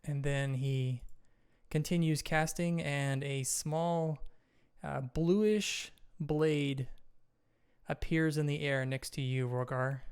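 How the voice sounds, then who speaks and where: A man running a tabletop game as game master, narrating the action and checking rules in a steady, descriptive way. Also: fairly high pitch, slow, smooth.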